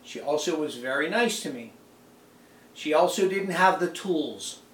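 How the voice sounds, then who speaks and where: A man's voice: on the high side, animated, unhurried, fairly bright tone. A man who sells online, ranting to camera in an exasperated, indignant, emphatic way. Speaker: online seller. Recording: roomy echo, mic set back.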